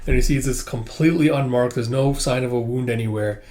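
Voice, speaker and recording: A man's voice: mid-range voice, a little fast, darkish tone. A man casually reading a comic aloud and retelling it with a chatty "he's like" delivery. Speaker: comic reader and commentator. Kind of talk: casual comic read-through.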